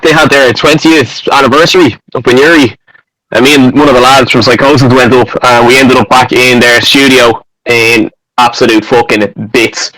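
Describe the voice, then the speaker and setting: An Irish band member in a casual interview, telling stories bluntly and swearing freely. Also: male voice, mid-range voice, pushed and bright, rough recording. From Ireland.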